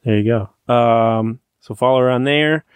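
A man's voice: mid-range voice, moderate pace, slight background noise. A man hosting a podcast, chatting casually and easygoing, thanking his guest and signing off. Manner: easygoing, lots of short backchannels. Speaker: podcast host.

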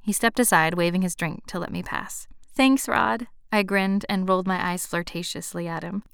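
A woman narrating a first-person romance story in an expressive, lively way. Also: lowish voice, brisk, clear, resonant tone, no echo, studio quality.

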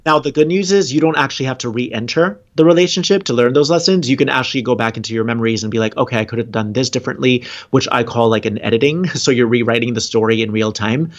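A man speaks in an earnest, rambling way on a casual podcast, often breaking into a laugh. His voice sits at an ordinary pitch. The sound is dull and somewhat lo-fi. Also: fast talker, hardly any pauses. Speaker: spiritual guest.

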